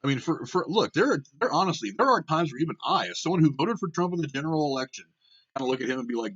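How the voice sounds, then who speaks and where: A young man from Ohio hosts his own show, ranting bluntly and heatedly with lots of swearing and frequent restarts in a casual opinion piece of political commentary. His voice sits on the high side, with lively intonation, a rapid-fire pace, and a fairly bright but husky tone. The audio is dull.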